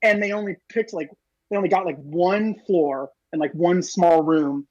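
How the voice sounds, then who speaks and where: A man talking fast and rambling with lots of fillers in casual podcast chat. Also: sits high, darkish tone, dry recording, muffled recording. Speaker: podcast co-host.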